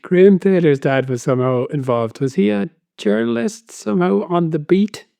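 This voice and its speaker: Brief: male podcast co-host, mellow tone, dry close sound, curious and quick to laugh. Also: high-pitched, creaky, clean tone, no echo. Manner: curious, laughs often, retells stories. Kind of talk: casual chat.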